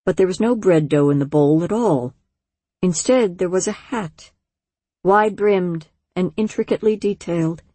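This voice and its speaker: Husky woman reading a storybook. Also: lowish voice, no room sound. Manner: measured, gentle storytelling. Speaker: audiobook narrator. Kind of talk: scripted narration.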